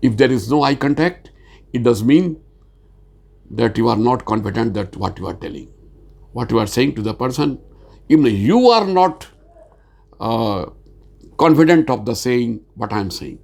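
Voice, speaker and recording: A man lecturing on sales communication in a halting, earnest way, repeating words and pausing often with fillers. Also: mid-range voice, lively intonation, vocal fry, a little mellow. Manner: speaks slowly with many fillers. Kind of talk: informal spoken lecture.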